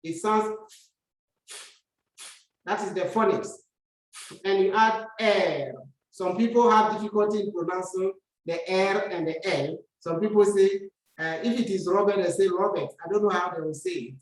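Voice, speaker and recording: A woman teaching a lesson, speaking slowly and patiently and repeating words for her learners to practice. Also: medium pitch. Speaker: French teacher. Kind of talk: classroom lesson. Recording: very echoey room, far from mic.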